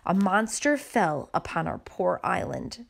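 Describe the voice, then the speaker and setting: A woman reading aloud, voicing an older man who gravely tells a child about his island's past. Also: lowish voice, sing-song, unhurried, heavily acted.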